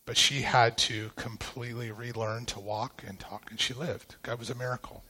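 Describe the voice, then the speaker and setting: Halting man telling a painful story. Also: medium pitch, flat delivery, sharp tone. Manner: halting, emotional storytelling with many restarts. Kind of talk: personal testimony in a sermon.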